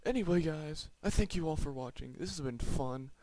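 A man giving excitable live commentary while playing a video game, blurting exclamations as the action unfolds. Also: fairly high pitch, moderate pace, no room sound. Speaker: gaming channel host.

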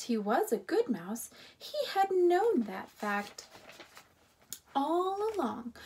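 A woman reading a children's storybook aloud in an expressive, animated storytelling manner. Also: high-pitched. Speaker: storybook reader.

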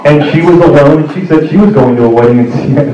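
A young man giving a rambling, joking wedding toast for his brother, with halting restarts. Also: fairly high pitch, lo-fi sound, a crowd in the background. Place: wedding reception hall. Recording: echoey hall, distant mic, noisy.

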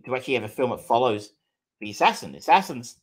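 Male podcast co-host, mid-pitched, casual and rambling, loose with fillers. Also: expressive, fast talker, breathy edge. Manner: rambling, many fillers and restarts, swears casually. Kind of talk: casual film review chat.

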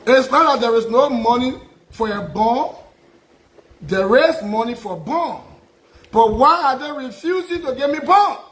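A Liberian man who calls himself a prophet gives a fervent public speech in Liberian English, repeating rhetorical questions in an aggrieved tone. His voice is very high and fairly bright, and the low-quality recording carries a lot of reverb.

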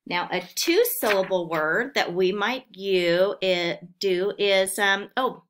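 Woman teacher, remote phonics lesson, unhurried, patient sounding-out, mid pitch. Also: fairly bright tone, slight background noise. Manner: patient, sounding out words slowly. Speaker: second grade teacher.

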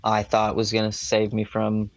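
A young man on a podcast, relaxed and storytelling, slipping into playful voices as he recounts things. His voice sits fairly low. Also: moderate pace, gravelly, no room sound. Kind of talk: casual chat.

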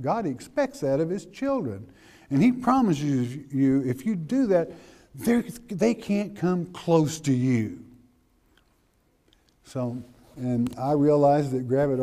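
Slow, folksy preacher man. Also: on the high side, darkish tone. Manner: folksy, emphatic, keeps checking in with listeners. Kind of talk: expository sermon.

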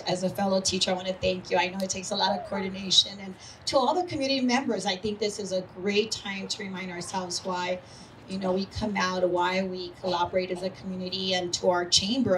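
A woman's voice: mid-range voice, recorded from a distance, slight background noise, rough recording. Woman giving an outdoor ceremony speech. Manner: friendly, thankful, loose with fillers. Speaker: local official giving a speech.

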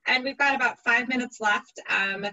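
A woman's voice: fairly high pitch, normal speed, sharp tone, muffled recording. A woman moderating a panel, hesitant and full of ums as she reads out audience questions.

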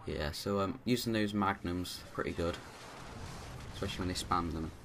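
A man's voice: low-pitched, moderate pace, background noise. A man giving rambling, casual commentary over his own gameplay, full of restarts and fillers.

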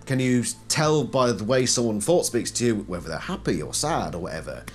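A man's voice: medium pitch, expressive, fairly quick, faint music behind. A man giving a casual explanatory commentary, posing questions and then answering them himself. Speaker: video essayist.

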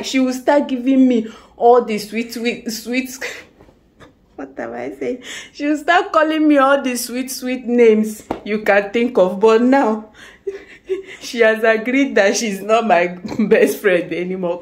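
Slow-talking Nigerian mother, playful and coaxing. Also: fairly high pitch, rough recording. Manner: coaxing, playful, laughs often. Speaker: family vlogger, mother. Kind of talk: casual home vlog.

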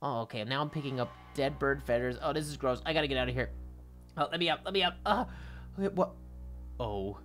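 A woman narrating a Minecraft adventure in first person as its host, excitable and stammering, often calling out to her viewers. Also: extremely low pitch, a little fast. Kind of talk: first-person game role-play narration. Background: background music.

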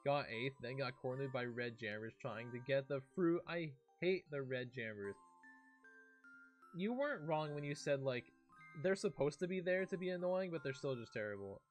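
A man's voice: mid-range voice, moderate pace. A young man on a game stream reads a storybook aloud. His voice rises and falls a lot as he stops to react and chat, and faint music plays behind him. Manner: lively, breaks off reading to react and chat.

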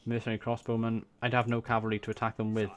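Low-voiced Welsh man planning game moves. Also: monotone, racing. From Wales. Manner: casual, thinks aloud, swears when surprised. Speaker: gaming YouTuber. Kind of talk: strategy game commentary. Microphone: desk USB microphone.

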